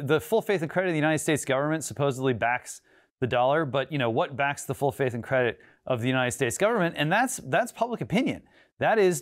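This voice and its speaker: A man hosting an interview, asking long questions and stacking up fillers as he builds them. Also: medium pitch. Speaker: show host. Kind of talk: conversational interview.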